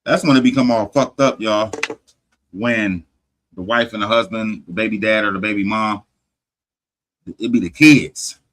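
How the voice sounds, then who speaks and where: A man hosting a podcast, retelling a story in casual profane talk, animated, swearing heavily and restarting often. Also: lowish voice, moderate pace, poor audio. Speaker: podcast host.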